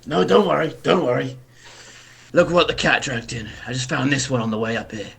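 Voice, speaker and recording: A man's voice: mid-range voice, animated, fairly quick, creaky, fairly bright tone, breathy edge, exaggerated voice. A man voicing a swaggering male pirate captain, brash and boisterous, talking to the crew as lads. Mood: jovial. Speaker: player.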